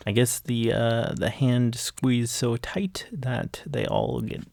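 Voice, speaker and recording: A man's voice: medium pitch, fairly even intonation, slow, vocal fry, hardly any pauses, darkish tone, dry recording, studio quality. A man giving a casual, rambling recap of a manga chapter, full of fillers and repeated enthusiasm.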